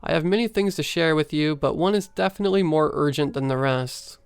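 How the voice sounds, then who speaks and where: A man's voice: a little high, brisk, vocal fry, clear, resonant tone, dry recording. A man voicing a stern middle-aged police detective in a horror story reading, firm and formal.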